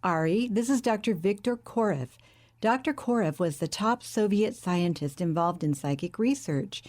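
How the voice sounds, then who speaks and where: A woman reading a stately, enthusiastic woman scientist in an audiobook, eager and warm in manner. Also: medium pitch, expressive, normal speed, natural voice.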